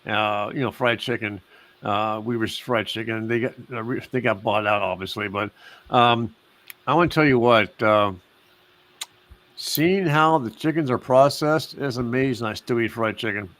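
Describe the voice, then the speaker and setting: A man's voice: mid-range voice, normal speed, fairly bright tone. A man hosting a casual live stream, rambling with many fillers and restarts. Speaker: host.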